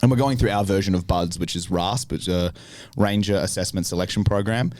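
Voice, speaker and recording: Young Australian actor as a podcast guest, low voice, dry sound, loose and profane storyteller. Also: male voice, fairly quick, no echo. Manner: swears freely, acts out the other voices in his stories; restless and animated when he retells the big moments. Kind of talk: casual storytelling chat.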